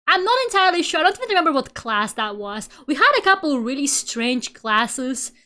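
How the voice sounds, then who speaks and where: A woman in her twenties chatting casually on a live stream, giggly and animated as she tells stories. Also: high-pitched, brisk. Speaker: VTuber streamer.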